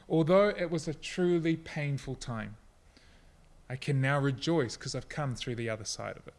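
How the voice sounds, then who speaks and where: A middle-aged man preaching a sermon, earnest and personal, at times soft and reflective. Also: fairly high pitch, steady tone, unhurried. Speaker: pastor.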